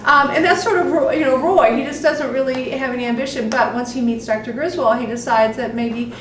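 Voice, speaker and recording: A woman's voice: high voice, fairly even intonation, fairly quick, slight background noise. A woman acting coach giving scene notes to an actor in an acting studio, animatedly acting out lines as she explains. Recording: echoey room, far from the mic.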